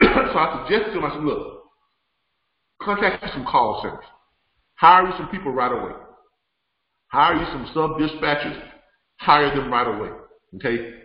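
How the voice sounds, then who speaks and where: A man's voice: a little high, lively intonation, normal speed, long pauses. A middle-aged man, hosting a live webinar Q&A in a conversational way, repeating words and laughing often. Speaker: host. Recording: roomy, dull lo-fi sound.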